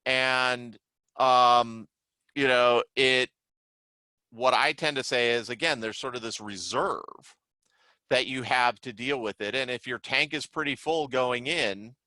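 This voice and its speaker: A man lectures as a trainer in a loose, chatty way, scattering filler words as he explains. His voice is bright and forceful. The sound is dry, with no room echo. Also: mid-range voice, takes it slowly. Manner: conversational, many "like" fillers, lively retelling. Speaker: CERT trainer and psychiatrist. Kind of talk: casual online lecture.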